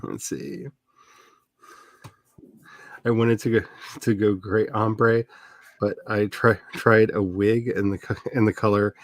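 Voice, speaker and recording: A middle-aged man hosting a writing livestream, chatty and animated, with quick laughs and dramatic asides. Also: on the low side, dry recording. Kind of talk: casual livestream chat.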